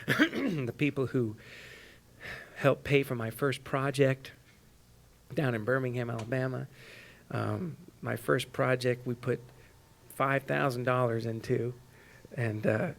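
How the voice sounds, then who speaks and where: A man's voice: mid-range voice, fairly even intonation, unhurried, creaky, long pauses, slight background noise. A middle-aged man, a Christian singer, speaking earnestly to his concert audience between songs, with frequent ums and restarts. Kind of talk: heartfelt stage talk between songs. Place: live concert stage.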